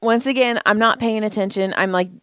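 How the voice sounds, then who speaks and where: A woman's voice: medium pitch, fairly quick, smooth, dry recording, studio quality. A woman co-hosting a podcast, casually telling a comic story and acting out each person's lines in it. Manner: animated, acts out everyone's lines in her stories; frequent laughter and swearing. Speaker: podcast co-host.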